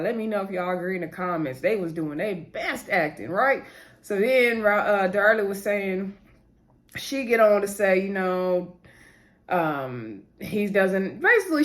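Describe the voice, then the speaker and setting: A woman chatting casually to viewers, retelling scenes and talking straight to her audience. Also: mid-range voice. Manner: chatty, addresses viewers as y'all, retells dialogue. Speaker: TV episode recap host. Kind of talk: casual recap talk.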